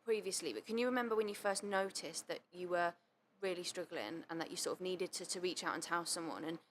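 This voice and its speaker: A woman's voice: fairly low pitch, fairly quick, a little hiss or hum. A woman hosting a podcast, asking questions and answering her guest supportively. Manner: gentle, affirming, frequent "yeah". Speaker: podcast host. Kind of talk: interview questions and supportive responses.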